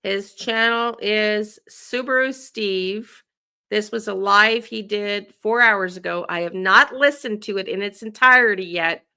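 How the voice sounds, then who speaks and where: A woman hosting a live stream and commenting on a clip, talking in a plain, direct, measured way. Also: medium pitch, bright, forceful tone, clean tone. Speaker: host of a true crime tarot channel.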